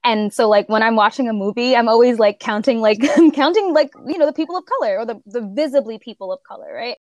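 A woman's voice: a little high, fast, no room sound. A woman in a casual film discussion, talking animatedly, laughing often and filling with "like".

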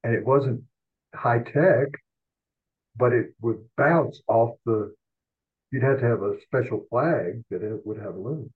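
An older man with a husky, worn voice spins animated, self-mocking anecdotes as a podcast guest. His sound is thin and phone-like, as if he's calling in over a narrow line. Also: medium pitch, a little slow. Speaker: podcast guest, sports columnist. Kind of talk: rambling anecdotal storytelling.

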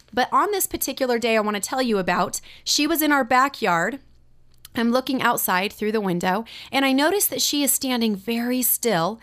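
A middle-aged woman teaching a Bible lesson, telling a personal story in a lively, confiding way. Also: on the high side. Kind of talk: sermon storytelling.

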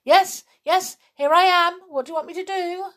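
A woman doing Sydney, a squeaky eager toy bear. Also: steady tone, a bit bright. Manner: quick, squeaky, eager to please. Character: eager, simple-minded toy bear, male.

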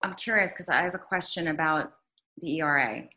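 A woman's voice: deep voice, fairly quick, bright, forceful tone. A woman interviewer asking curious, probing questions.

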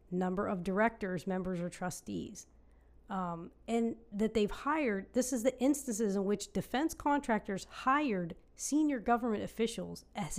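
A woman co-hosting a casual political podcast, often restarting her sentences and reading aloud from a report. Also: mid-range voice. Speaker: podcast co-host.

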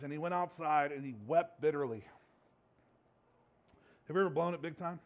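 A man's voice: on the high side, fairly even intonation, moderate pace, long pauses. A man preaching a sermon as a pastor, in a conversational, humorous way, laughing often. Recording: dull lo-fi recording.

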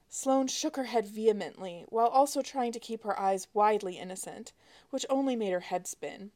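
Woman reading her own sci-fi book out loud, wry and lively. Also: medium pitch, normal speed. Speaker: author and narrator. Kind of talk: audiobook narration.

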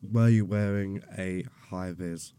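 Low-voiced man with deadpan asides. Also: takes it slowly, clear, resonant tone, no echo. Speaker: podcast co-host. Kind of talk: casual chat. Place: garage.

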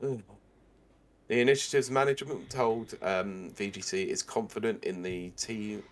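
Young male co-host, lowish voice, sardonic news reader, casual gaming podcast. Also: steady tone, normal speed. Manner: sarcastic, reads news quotes and riffs on them.

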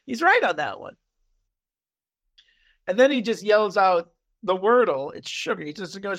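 A podcast co-host talks through a TV episode in a loose, chatty way, slipping into voices for the characters. His voice sits high and swoops widely. There is a gravelly edge to it. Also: a little slow, long pauses. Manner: animated retelling, acting out quotes, laughing often. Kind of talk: casual chat.

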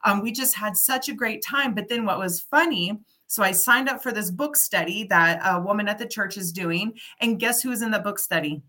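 A middle-aged woman in casual chat, telling an animated story and acting out the people she quotes. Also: mid-range voice, normal speed, hardly any pauses.

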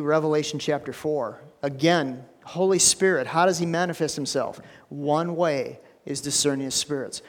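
Pastor guy preaching in church, kinda high voice, long hall echo, lots of "and, and". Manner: animated storytelling with stammered restarts. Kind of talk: sermon.

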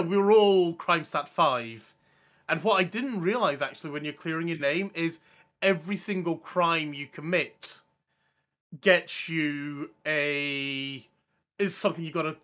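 Man, casual gaming chat, rambling and enthusiastic, higher voice, bright. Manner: rambling, enthusiastic storytelling with many restarts. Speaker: podcast co-host.

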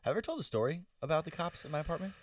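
Guy chiming in with jokes, lively up-and-down voice, bit off mic. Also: fairly high pitch, no room sound, clean studio sound, far from the mic. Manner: quick reactive interjections, joking. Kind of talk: casual chat.

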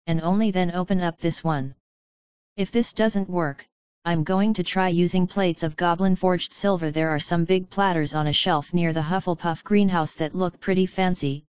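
An earnest young wizard, voiced by a woman narrator explains his ideas with eager focus. The voice is smooth and lowish. The recording is dry and slightly dull. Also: darkish tone, no echo, natural voice.

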